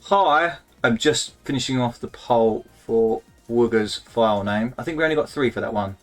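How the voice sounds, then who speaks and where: A man co-hosting a live gaming stream, chatting in a relaxed, self-deprecating way and laughing easily. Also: medium pitch, moderate pace, faint music behind. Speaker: co-host running the stream. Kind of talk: casual live-stream chat.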